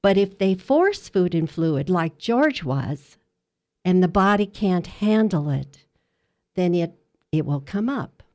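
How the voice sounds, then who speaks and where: A woman working as a hospice dietitian, telling a patient's story in an interview with earnest, measured storytelling. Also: fairly low pitch, expressive, darkish tone.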